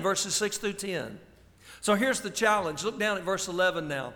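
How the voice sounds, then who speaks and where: A man preaches in a fairly high voice, leaning hard on each phrase and slowing right down when he quotes scripture. His words ring out with a long reverb, as in a large church hall. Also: lively intonation, bright, forceful tone. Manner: slow, emphatic preaching with drawn-out quotations. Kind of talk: sermon.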